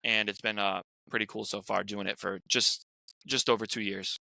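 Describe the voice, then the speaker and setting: A man's voice: lowish voice, level tone, moderate pace, vocal fry, bright, forceful tone, dry recording. A young man from Rhode Island, a guest actor, telling rambling stories in casual chat. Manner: rambling storyteller, many restarts and "like"s.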